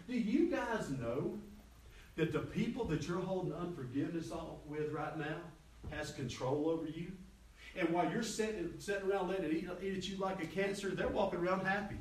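A middle-aged pastor with a high-pitched voice preaches a sermon a little fast in a church sanctuary, spinning folksy stories with quoted dialogue. The recording is echoey, with a distant mic and slight background noise.

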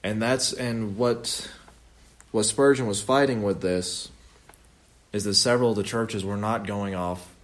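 A man's voice: on the low side, steady tone, unhurried. A young man leading an informal Bible study in a conversational, earnest way, often correcting himself mid-sentence.

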